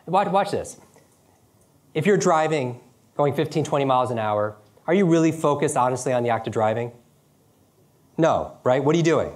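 A middle-aged man giving a lively seminar talk, quick and questioning, often asking his audience "right?". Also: medium pitch. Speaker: speaker teaching speed reading.

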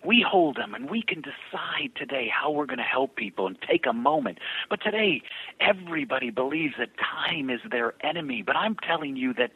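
Male guest, gravelly husky voice, lively storyteller who acts out quotes. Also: fairly high pitch, moderate pace, no room sound, narrow, tinny audio. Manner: acts out quoted voices, builds to uplifting message. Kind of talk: animated storytelling.

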